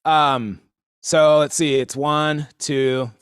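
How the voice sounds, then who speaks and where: Male drum teacher, relaxed and rambling, dry close mic, mid pitch. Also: slow pace, clean tone, no echo. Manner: rambling, filler-heavy, easygoing. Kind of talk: casual live-stream lesson.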